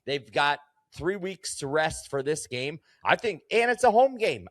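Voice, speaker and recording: A man's voice: fairly high pitch, big pitch swings, unhurried, no echo, clean studio sound. A man co-hosting a casual sports betting talk show, speaking bluntly and emphatically with plenty of swearing. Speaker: co-host.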